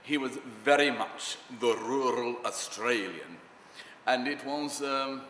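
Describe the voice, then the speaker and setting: A man playing a grandiose male dialect coach who talks slowly and admires himself. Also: medium pitch, fairly bright tone, reverberant, big-room sound, a little hiss or hum. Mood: self-admiring. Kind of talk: mockumentary interview acting.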